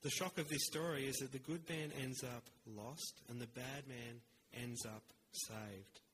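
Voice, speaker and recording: A man preaching a sermon in an earnest, measured way, with rhetorical pauses. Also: mid-range voice, steady tone, a bit bright, slight background noise, low-quality recording.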